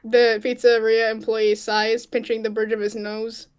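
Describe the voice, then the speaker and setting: A playful woman reads her own fanfic aloud with friends in a somewhat high voice. She narrates casually and teases her friends between lines. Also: monotone, a little slow, clear, resonant tone. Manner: playful, laughing, teasing friends. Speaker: narrator and fic author.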